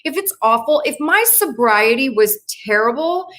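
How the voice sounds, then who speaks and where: A woman's voice: sits high, lively intonation, moderate pace, fairly bright tone. Frank, encouraging woman podcast host. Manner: frank, encouraging, talks straight to listeners. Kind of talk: casual motivational talk.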